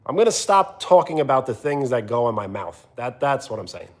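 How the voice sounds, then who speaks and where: Animated male live streamer. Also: a little fast. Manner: animated, teasing, often jumping higher in pitch. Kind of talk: casual live-stream chat reading comments.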